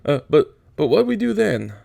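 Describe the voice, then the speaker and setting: A man voicing a big, slow, childlike male farmhand who talks eagerly and stammers. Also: high-pitched, sing-song, creaky, dark tone, no echo, studio quality, voice pushed up, heavily acted. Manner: eager, stammering, simple-minded.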